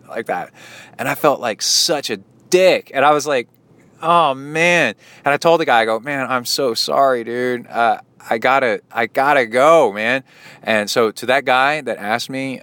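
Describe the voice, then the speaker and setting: Rambling podcast host, smooth low voice. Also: male voice, a bit bright, dry recording. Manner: rambling, chatty storytelling with many fillers. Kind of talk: casual spoken race recap.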